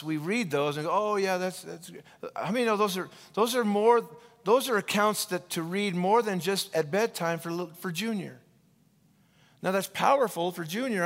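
Brief: male pastor, fairly high voice, animated sermon storytelling, long church reverb. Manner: energetic storytelling, many restarts and repetitions. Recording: long reverb of a large hall.

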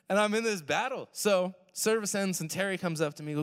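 Animated young preacher in a reverberant hall. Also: male voice, high-pitched, fairly quick, hardly any pauses, clear, resonant tone. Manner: animated storyteller, swings from loud to hushed. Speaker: worship pastor. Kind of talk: sermon storytelling.

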